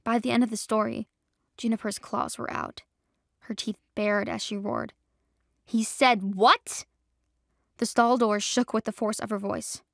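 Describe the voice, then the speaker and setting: A woman narrating a romance audio drama in a steady, emotive storytelling manner. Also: medium pitch, moderate pace, vocal fry, no room sound, studio quality.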